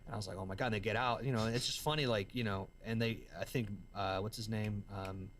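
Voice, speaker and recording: Fairly low-voiced and fast-talking, this Southern American man is a musician and entrepreneur appearing as an interview guest. He spins excitable, slangy stories full of "man" and "dude." Slight background noise is present.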